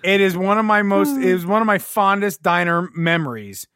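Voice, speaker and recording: A podcast co-host tells rambling stories in a casual chat. The voice is bright and clear. The sound is dry, from a close mic. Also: medium pitch, normal speed, dry recording. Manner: rambling storyteller, laughs through anecdotes.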